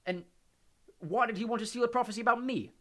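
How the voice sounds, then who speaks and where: A man's voice: very high voice, fast talker, pitched above the performer's own voice. A man voicing a defiant, tense teenage boy wizard in an audiobook reading. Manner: urgent, defiant.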